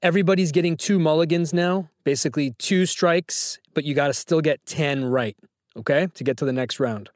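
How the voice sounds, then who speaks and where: A man's voice: fairly high pitch, brisk, no room sound, clean studio sound. A man hosting a phone-in trivia quiz, teasing and joking with callers. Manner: playful, teasing. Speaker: trivia show host.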